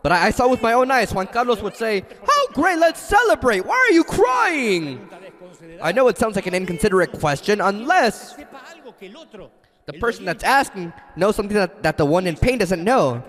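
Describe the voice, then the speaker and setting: Man, pastor, sermon, very lively pitch, dramatic storytelling, long reverb. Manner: dramatic storytelling, shifts between loud and hushed.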